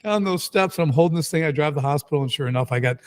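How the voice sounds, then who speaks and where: Lively middle-aged male storyteller. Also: a little high, racing, clean tone. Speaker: guest entrepreneur. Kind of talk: casual storytelling.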